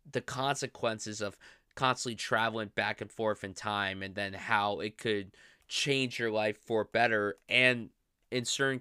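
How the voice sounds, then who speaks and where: A man's voice: lowish voice, bright, forceful tone, clear, resonant tone, dry recording, studio quality. A young man hosting a film podcast, chatting casually and gushing with enthusiasm about movies he loves. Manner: gushing, enthusiastic, lots of "I love". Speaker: podcast host.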